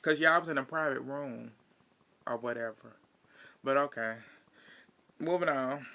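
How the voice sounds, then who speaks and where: A man's voice: mid-range voice, measured pace, vocal fry, sharp tone. A man giving a chatty, slangy recap in casual commentary, laughing often and adding sassy asides. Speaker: reality TV recap vlogger.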